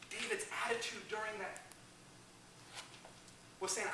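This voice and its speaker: A man gives a lively youth sermon, acting out the voices in his stories and shouting at the high points. His voice is high and very bright. It comes from a distance, with a lot of echo from a large hall. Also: a little slow, long pauses, a little hiss or hum. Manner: animated storytelling, shouting peaks, acts out quotes. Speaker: youth preacher. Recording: echoey hall, heard from a distance.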